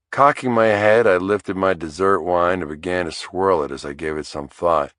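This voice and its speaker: A man narrating a thriller audiobook in the first person, in a wry, measured storytelling manner. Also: low voice, a bit bright, dry recording, clean studio sound.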